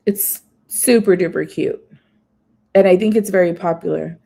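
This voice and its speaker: A woman's voice: on the low side, normal speed, gravelly, warm tone. A woman vlogger chatting casually on a live stream, reading menu items aloud with small asides. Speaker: food vlogger.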